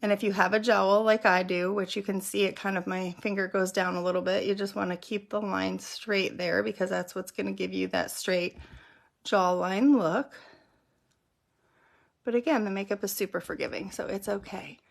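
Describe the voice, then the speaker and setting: A woman's voice: mid-range voice, fairly even intonation, moderate pace, creaky. A middle-aged woman hosting a makeup tutorial, explaining each step in a casual, chatty way as she applies it. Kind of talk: casual how-to demonstration.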